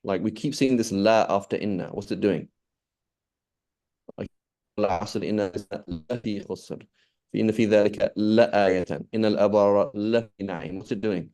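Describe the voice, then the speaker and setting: A man teaching Arabic grammar over a video call. He speaks in a fairly low, mellow voice. He explains patiently through examples and keeps checking in with "okay?". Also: normal speed. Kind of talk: online grammar lesson.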